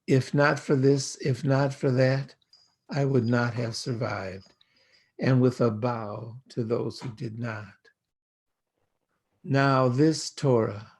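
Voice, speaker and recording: Slow, gravelly older American rabbi. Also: male voice, medium pitch, darkish tone. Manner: slow, measured, poetic phrasing. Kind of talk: reflective spoken sermon.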